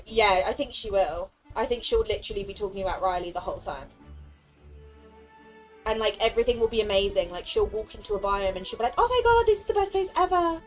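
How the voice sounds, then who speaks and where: A woman's voice: medium pitch, poor audio. Chatty young woman streamer, laughing often. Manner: chatty, laughs often, slips into quick playful voices for characters. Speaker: game streamer. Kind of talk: casual live-stream chat.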